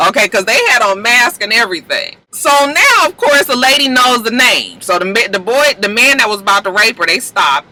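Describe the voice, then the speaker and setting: A man casually recapping a TV episode, animated and slangy, acting out the characters' lines. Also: high voice, a little fast, few pauses, noisy background. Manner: slangy, profane. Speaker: TV recap vlogger.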